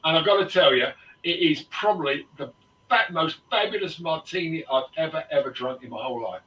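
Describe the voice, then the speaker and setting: A man's voice: fairly high pitch, brisk, sharp tone, slight background noise. A man hosting a casual chat, talking in a hesitant way with many fillers. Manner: chatty, hesitant, lots of fillers. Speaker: host. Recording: echoey room, mic far off.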